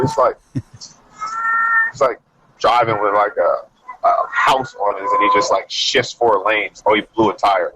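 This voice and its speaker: A man who is a coach, talking as a podcast guest in casual chat, telling stories in an animated way and saying "like" often. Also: lowish voice, measured pace, pauses often, highs cut off, background noise. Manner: animated storytelling, frequent "like".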